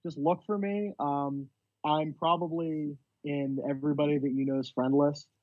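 A man's voice: a little high, fairly even intonation, normal speed, dry recording, narrow, tinny audio. A man guesting on a podcast, easygoing and casual, often tacking "man" onto his lines. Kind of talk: casual chat.

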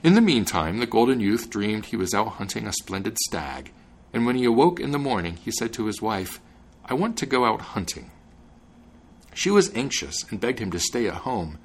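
A man hosting a podcast and reading a fairy tale aloud in an expressive, measured way. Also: fairly low pitch. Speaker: podcast host and narrator.

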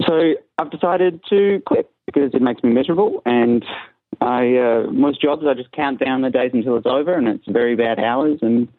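A man's voice: mid-range voice, normal speed, no room sound. A man in his twenties with an Australian accent with a British tinge, calling in to a talk show and speaking politely, with easy laughs. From South Australia. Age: 20s. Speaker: caller. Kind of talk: casual phone-in chat. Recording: tinny phone line.

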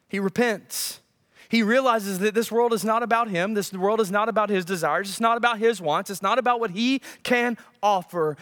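A man preaching a sermon, swinging from loud bursts down to near-whispers and checking in with "right?" again and again. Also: high-pitched, normal speed. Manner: peppers lines with "right?". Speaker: pastor.

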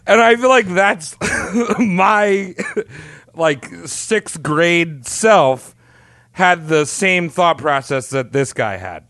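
A man's voice: fairly high pitch, lively intonation, drawn-out words, fairly bright tone, no echo, clean studio sound. A man co-hosting a podcast, chatting in a joking, crude, rambling way. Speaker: podcast co-host. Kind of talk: casual chat.

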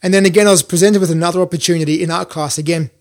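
A man telling a personal anecdote in an animated way, acting out the lines he remembers. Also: on the high side, very fast. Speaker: storyteller recalling school work.

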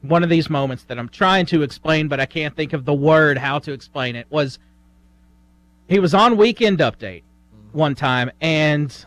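A man co-hosting a radio talk show, telling stories in a halting way while searching for words. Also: a little high, a bit bright. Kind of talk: casual talk radio banter. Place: radio studio.

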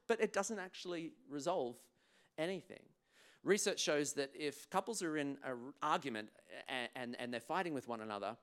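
A man, a clinical psychologist, giving a playful, animated conference talk on emotional health. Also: mid-range voice, clear, resonant tone. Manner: animated, playful, acts out voices. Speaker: guest speaker, clinical psychologist.

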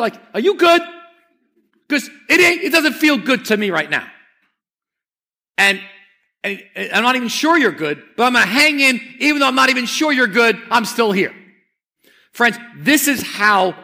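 A man's voice: sits high, pushed and bright. A man preaching a conversational sermon as pastor, earnest and often repeating words as he presses a point.

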